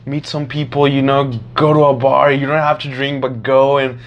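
A young man in casual chat, rambling and animated, swearing freely and acting out his friends' lines. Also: medium pitch, normal speed, dull audio. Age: young adult.

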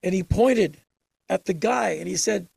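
Gravelly older man, emphatic storyteller. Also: high-pitched, unhurried, no room sound. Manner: emphatic, animated storytelling with sudden bursts. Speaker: interview guest. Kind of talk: casual storytelling interview.

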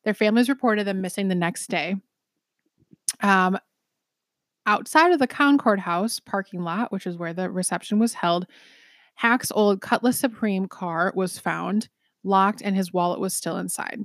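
A podcast co-host casually recounts a true-crime case, chatty and full of ums and restarts, swearing and laughing quickly at times. Her medium-pitched voice comes through clean studio sound with no room sound.

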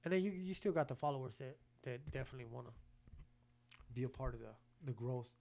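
A man's voice: medium pitch, lively intonation, quick pace, vocal fry, a little mellow. A man hosting a podcast in casual chat, slangy and profane, often stammering as he restarts his sentences. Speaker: podcast host.

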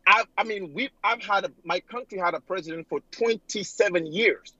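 A high-voiced man from Africa calls in to a talk show, earnest and rambling, full of fillers like "like" and "you know." His voice comes through a dry, dull phone line with a lo-fi sound. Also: normal speed, sharp tone, dry recording. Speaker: caller. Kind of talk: call-in talk show caller. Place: home in New York City. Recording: dull lo-fi phone call audio.

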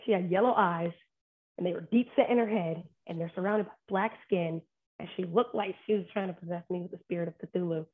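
A woman dog trainer telling animated stories with sarcastic asides in a casual podcast chat. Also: lowish voice, a little fast, breathy edge. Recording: tinny phone-like line.

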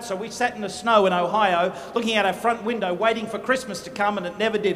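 A man giving a motivational speech at a business event, animated, humorous and dramatic in his storytelling. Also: sits high, fast talker. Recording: echoey hall with faint noise.

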